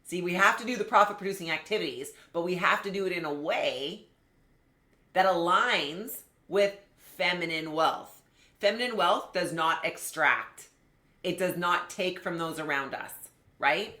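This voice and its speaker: A woman coaching a live online class, her voice low-pitched yet bright and forceful. She speaks in an animated, chatty way, talking straight to viewers. The sound carries a roomy echo. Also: a little slow. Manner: animated, conversational, addresses viewers directly. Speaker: business coach. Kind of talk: live online masterclass teaching.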